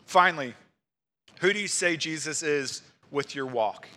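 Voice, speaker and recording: A man's voice: fairly high pitch, lively intonation, a little slow, pushed and bright. A man preaching a sermon, emphatic and full of rhetorical questions to the congregation. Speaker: pastor.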